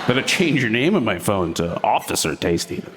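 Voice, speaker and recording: A man's voice: on the low side, very animated, a little fast, big-room sound, very noisy. A man doing stand-up storytelling on stage in a crude, rambling, profane way. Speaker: stand-up comedian. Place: comedy stage before an audience.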